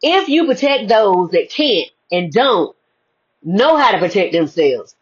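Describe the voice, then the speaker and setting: A woman's voice: mid-range voice, very animated, measured pace, a little hiss or hum. A woman giving a preachy motivational spiritual talk, casual and full of rhetorical questions. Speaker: spiritual speaker. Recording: dull lo-fi recording.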